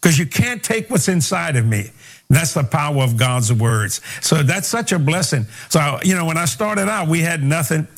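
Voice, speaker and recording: A man's voice: a little high, normal speed. Older man spinning folksy stories. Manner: animated folksy storyteller, repeats words. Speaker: preacher, guest. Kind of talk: storytelling interview.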